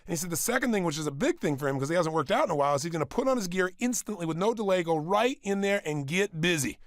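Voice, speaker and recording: Here a man whose voice sits high and moves with lively intonation gives a motivational workshop talk, recorded dry in a studio with a small audience. Emphatic and repetitive in his phrasing, he fires rhetorical questions in rapid succession.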